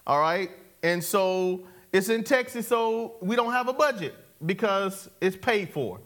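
High-voiced man preaching with call and response. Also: lively intonation, unhurried, fairly bright tone. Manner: call-and-response, repeats phrases, chuckles often. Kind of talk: sermon.

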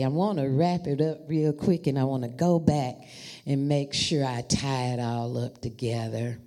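A woman preaching a storytelling sermon, talking to the congregation in an animated, familiar way. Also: extremely low pitch, normal speed. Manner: animated, addresses the congregation as y'all.

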